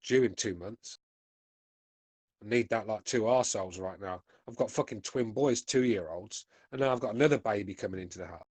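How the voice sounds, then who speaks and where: A man's voice: fairly low pitch, normal speed, darkish tone, dry recording. Sweary British man in his forties. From United Kingdom. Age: 40s. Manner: sweary, blunt banter. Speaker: podcast host reading chat. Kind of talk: casual chat.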